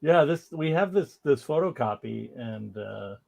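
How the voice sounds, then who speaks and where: A gravelly-voiced man co-hosts a relaxed livestream, rambling from point to point. He reads viewer comments aloud and laughs often. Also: mid-range voice, unhurried, muffled recording. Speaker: co-host of a comics history livestream. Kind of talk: casual livestream chat.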